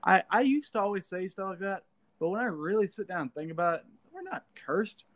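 Reflective man, slightly high. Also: big pitch swings, a little fast, a bit bright. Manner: reflective, explains with "like" asides. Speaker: podcast co-host. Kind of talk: casual sports talk.

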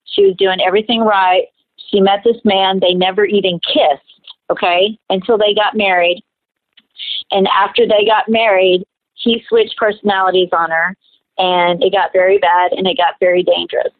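Over a dry, tinny line that sounds like a phone, a woman minister being interviewed tells her own story with sincerity, voicing the other people involved. Her voice is mid-range, with no echo.

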